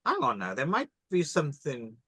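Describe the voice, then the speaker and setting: Lively high-pitched man chatting. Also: normal speed, slightly rough, no room sound. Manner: rambling, hesitant, animated. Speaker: podcast host and editor. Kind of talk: casual chat.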